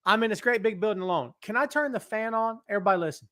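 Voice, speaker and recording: High-voiced, animated wrestling show host. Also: male voice, very fast, dry recording, clean studio sound. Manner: animated greetings to viewers; earnest, somber when turning serious. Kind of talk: casual live-stream chat. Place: large empty building. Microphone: webcam setup.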